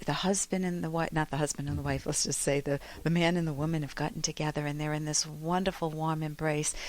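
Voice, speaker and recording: A woman's voice: on the low side, dry recording. A woman hosting a radio advice show, talking expressively and acting out the phrases she quotes. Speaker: radio talk show host and psychologist.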